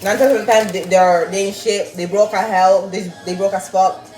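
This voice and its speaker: Young woman, animated, swearing, roomy sound, faint music behind. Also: mid-range voice, normal speed. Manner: animated, swearing, laughing, reading chat aloud. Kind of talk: casual storytelling to viewers.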